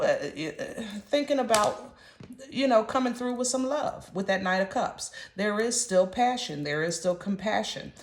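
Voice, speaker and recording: A woman giving a casual tarot reading in a chatty, slangy, emphatic way. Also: medium pitch. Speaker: tarot reader. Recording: roomy echo.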